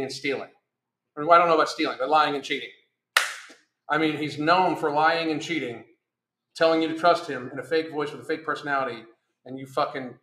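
A man's voice: on the high side, fairly bright tone. A middle-aged man hosting a casual podcast livestream, blunt and profane, rambling as he reads chat comments. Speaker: podcast host reading live chat. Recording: roomy echo.

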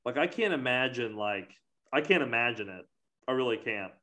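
Man, casual chat, rambling, filler-heavy, mid-pitched voice. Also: lively intonation, moderate pace, sharp tone.

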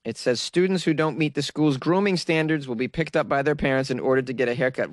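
A man's voice: medium pitch, quick pace, few pauses, no room sound, clean studio sound. A young man from Massachusetts hosting casual news commentary, with joking, sarcastic asides. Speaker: host.

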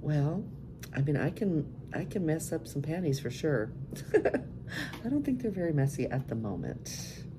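Speaking at a measured pace but very animated, a middle-aged woman with a low voice runs a live-stream cam show podcast amid background noise. She laughs often while frankly answering the viewer messages she reads aloud in casual chat.

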